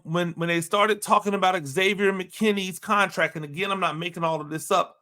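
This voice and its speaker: A man's voice: high-pitched, pushed and bright. A man giving opinionated sports commentary, talking emphatically and repeating himself with rhetorical questions.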